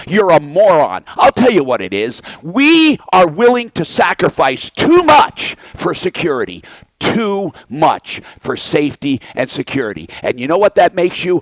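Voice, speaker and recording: A man hosts a call-in show with a fired-up, profane rant, his voice leaping up and down as he pounds out rhetorical questions. His pitch sits on the high side for a man. The sound is dry and dull, like a lo-fi recording. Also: dry recording. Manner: heated, blunt and profane, hammering rhetorical questions. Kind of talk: angry political rant.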